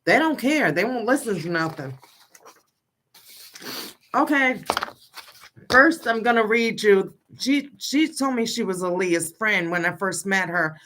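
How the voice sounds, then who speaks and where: A woman's voice: medium pitch, lively intonation, unhurried, pauses often, a bit bright. Blunt, insistent middle-aged woman livestreaming. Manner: blunt and insistent, pressing question after question. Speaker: grieving mother on a livestream. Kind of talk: casual livestream talk, reading out a list of questions.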